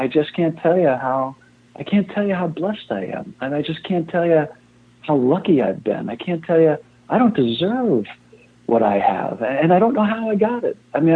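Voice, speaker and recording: A man's voice: fairly high pitch, slightly rough. A man in his sixties, a fire chief, talking as an interview guest in a rambling, self-deprecating way and repeating himself often. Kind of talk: casual interview talk. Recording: tinny phone-line sound.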